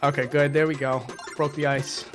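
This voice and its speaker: A man's voice: a little high, flat delivery, normal speed, over music. A man from the Boston area, co-playing a game and bantering with a lot of laughter and self-deprecating remarks. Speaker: guest co-player. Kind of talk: casual chat while gaming.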